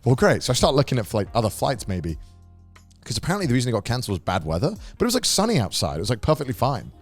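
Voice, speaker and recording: A young man co-hosting a podcast, telling a rambling story in casual chat, animated and swearing freely. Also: mid-range voice, racing, soft background music. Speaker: podcast co-host.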